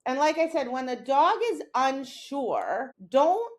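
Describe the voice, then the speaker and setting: A fairly high-voiced, middle-aged woman talks through dog training in a relaxed podcast chat. She is animated and keeps slipping into little acted lines for herself and her dog. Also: slow. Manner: animated, acts out her own lines and her dog's reactions. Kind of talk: casual instructional chat.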